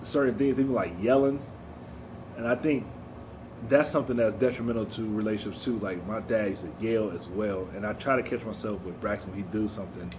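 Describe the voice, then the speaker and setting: A man's voice: lowish voice, fairly quick. Laid-back man chatting over background noise. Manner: laid-back, laughs often, acts out quotes. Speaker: podcast co-host. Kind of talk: casual chat.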